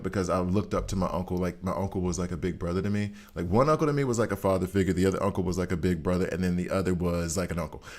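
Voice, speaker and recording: A man with a low voice walks through a mobile game character in a loose, rambling way. He sounds short on sleep, and a Southern twang creeps into his casual commentary. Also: a little mellow. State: tired. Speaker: mobile game guide host.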